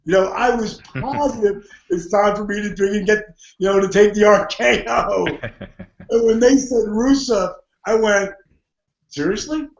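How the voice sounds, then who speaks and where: A man with a notably high voice tells a story with energy, laughing often and acting out the voices of others. The audio sounds dull and lo-fi. It has a roomy echo around it. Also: normal speed, creaky. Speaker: podcast guest. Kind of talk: animated storytelling.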